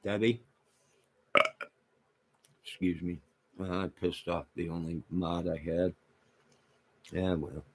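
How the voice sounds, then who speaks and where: A man's voice: low voice, fairly even intonation, slow, pauses often, darkish tone, slight background noise. A man hosting a casual livestream, rambling and joking with his chat viewers, with a toothless way of speaking. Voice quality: toothless speech. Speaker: livestream host.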